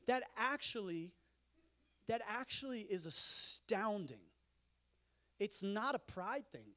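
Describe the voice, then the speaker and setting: Animated man giving a sermon-style talk. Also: sits high. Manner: animated, conversational, jokey asides. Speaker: conference speaker.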